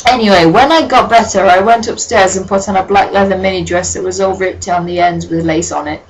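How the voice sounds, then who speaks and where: A woman's voice: on the low side, rough recording. A woman giving a comic reading with sarcastic, profane asides. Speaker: dramatic reader.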